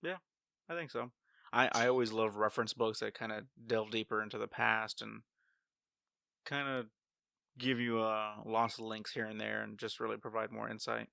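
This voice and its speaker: Male podcast co-host, gravelly and bright, ribbing his partner, dry close sound. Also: lowish voice, steady tone, moderate pace, no room sound. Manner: teasing, playful. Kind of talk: casual chat. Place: home studio on video.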